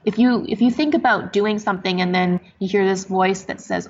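A woman guest on a podcast, a doctor, giving earnest, measured advice. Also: mid-range voice, steady tone, gravelly, highs cut off, a little hiss or hum. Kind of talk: podcast interview.

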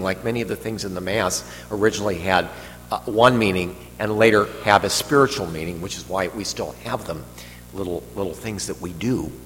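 A man's voice: fairly low pitch, a bit bright. A man, a priest, giving a conversational, digressive homily with joking asides. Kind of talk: sermon. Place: church hall. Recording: long hall reverb, faint hum.

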